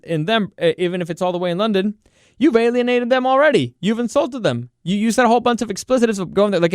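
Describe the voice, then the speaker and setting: A man hosting a sports podcast, ranting in an exasperated, animated way in casual commentary. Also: sits high, no room sound, studio quality. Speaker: podcast host.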